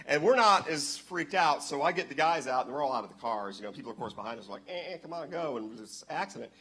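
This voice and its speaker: A man telling a story in church on a handheld microphone, excitable and bursting into loud exclamations. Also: medium pitch, quick pace, slightly rough. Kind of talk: animated storytelling.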